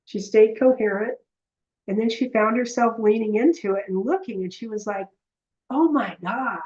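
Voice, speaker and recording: Animated woman teaching viewers live, muffled sound. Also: fairly high pitch, moderate pace. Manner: animated storytelling, speaks straight to viewers. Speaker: energy healer and heart coherence teacher. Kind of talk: live online teaching session.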